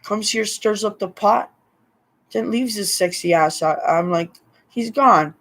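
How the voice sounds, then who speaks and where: A man's voice: sits high, a little slow. A man, rambling through a personal story and laughing often between remarks. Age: 50s. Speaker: vlogger.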